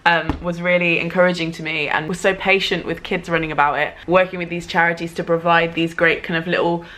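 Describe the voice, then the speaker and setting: A woman's voice: fairly low pitch, flat delivery, a little fast, fairly bright tone, a little hiss or hum. A woman in her twenties from England, chatting to camera in a casual, self-mocking way and laughing as she talks. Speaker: vlogger.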